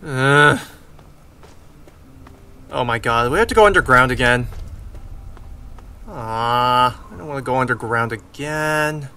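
A young man commenting on a video game he is playing, excitable and swearing, often yelling at the game. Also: medium pitch, slow, pauses often, clean tone. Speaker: let's play gamer. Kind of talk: gameplay commentary. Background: game music.

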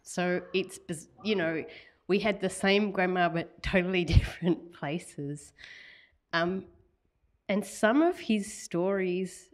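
A middle-aged woman from Australia, an author, telling stories in a casual interview, laughing often and acting out quoted messages. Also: lowish voice. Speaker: author guest.

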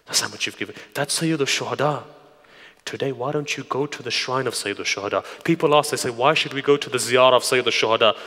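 Male preacher, bright tone, community-hall reverb; storytelling sermon, hushed to emphatic. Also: mid-range voice, fast. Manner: storytelling, swings from hushed near-whisper to raised emphatic. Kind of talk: Muharram night sermon.

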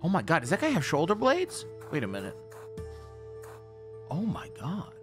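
Excitable, foul-mouthed male gamer. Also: fairly high pitch, quick pace. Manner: excitable, profane, slangy banter. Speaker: streamer playing a game. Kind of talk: live gameplay reaction. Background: game music.

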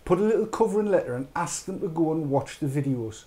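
A man's voice: a little high, animated, quick pace, warm tone. A British man hosting a live online chat show, rambling and urging viewers on with jokey asides. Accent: British English.

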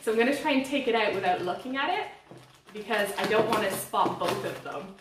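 A woman unboxing plants in a casual vlog, gushing and giddy, sometimes squealing with excitement. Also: medium pitch, fairly quick, background noise. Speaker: plant vlogger. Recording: echoey room.

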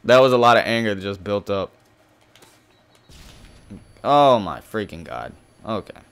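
A young man hosting a gaming channel, giving live commentary over his own match, shifting between calm explanation and sudden cursing outbursts. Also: lowish voice, unhurried, clean tone. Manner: frustrated, swearing, swinging between calm and outbursts.

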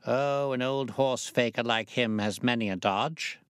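A man reading the part of a sharp, confident male detective, crisp and faintly amused. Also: medium pitch, a little slow, dry recording, studio quality, lightly acted.

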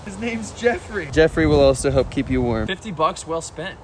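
A man's voice: on the high side, expressive, moderate pace, a little hiss or hum. A man vlogging casually with his pet, playful and cooing at it in baby talk.

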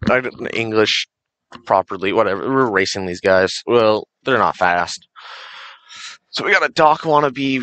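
A man's voice: fairly low pitch, bright, forceful tone. A teenage young man rambling enthusiastically while commentating a racing game he is playing. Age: late teens. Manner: rambling, enthusiastic, many restarts and fillers. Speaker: gaming channel host. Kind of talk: casual let's-play commentary.

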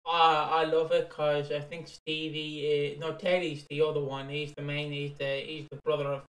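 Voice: medium pitch, flat delivery, normal speed, far from the mic. A podcast co-host rambling in casual chat and swearing freely. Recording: roomy echo.

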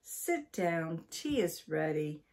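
A woman's voice: sits low, sing-song, takes it slowly, a little mellow, exaggerated voice. A woman doing a bossy, scolding old wife. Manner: scolding and impatient. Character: bossy, impatient elderly wife. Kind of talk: storybook reading.

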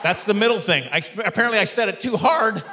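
A man performing a stand-up comedy routine, telling a story with lively mock voices for the people in it. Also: sits high, fast talker, a crowd in the background, noisy background. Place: stage before a live studio audience.

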